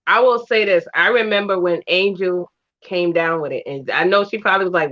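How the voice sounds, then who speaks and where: A woman's voice: mid-range voice, normal speed, fairly bright tone, dull audio. A woman speaking emotionally and emphatically in a casual chat, urging others to be careful. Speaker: guest.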